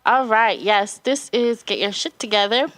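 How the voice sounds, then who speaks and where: A woman's voice: fairly high pitch, normal speed, a bit bright, no echo. A woman hosting a podcast wellness segment, explaining in a friendly, casual way.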